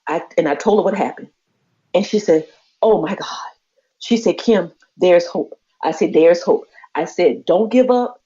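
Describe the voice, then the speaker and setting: A woman's voice: lowish voice, lively intonation, normal speed, warm tone. A woman co-hosting a podcast, telling a story expressively, acting out the voices of the people she quotes and laughing often. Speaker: podcast co-host. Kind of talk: animated storytelling chat. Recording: muffled lo-fi podcast audio.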